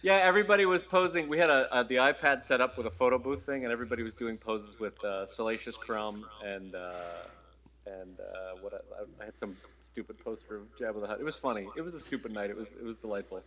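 A man's voice: fairly low pitch, quick pace, sharp tone. A man co-hosting a podcast, chatting casually and telling jokey stories with put-on voices. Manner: jokey storyteller, mock accents and voices. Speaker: podcast co-host. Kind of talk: casual chat.

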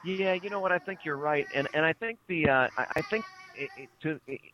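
A man co-hosting a podcast, teasing the others with quick quips and frequent laughs. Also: on the high side, sharp tone, lo-fi sound, slight background noise. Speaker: podcast co-host. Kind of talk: casual chat.

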